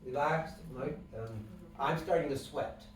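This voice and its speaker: A man's voice: a little high, fairly even intonation, a little slow, a little hiss or hum. Man teaching a class in an echoey room. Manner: explains plainly, asks the class questions. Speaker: wellness instructor. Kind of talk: classroom lecture with guided breathing. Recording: echoey room, mic from a distance.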